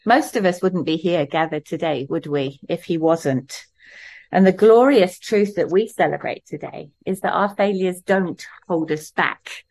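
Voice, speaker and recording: A middle-aged woman delivering a sermon with a slightly low voice. She tells her story in a warm, conversational way and laughs easily between lines. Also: a little slow. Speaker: preacher.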